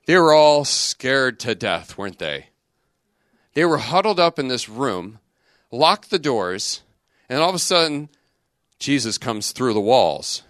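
A middle-aged man, a religious brother, giving a lively youth talk in a conversational, joking way full of rhetorical questions. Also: medium pitch, no room sound, clean studio sound.

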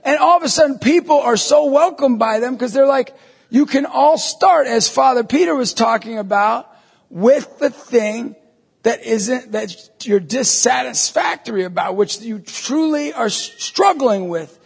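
A Catholic evangelist man giving an animated storytelling sermon, acting out dialogue with emphatic bursts. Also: very high voice, measured pace, vocal fry, breathy edge, big-room sound.

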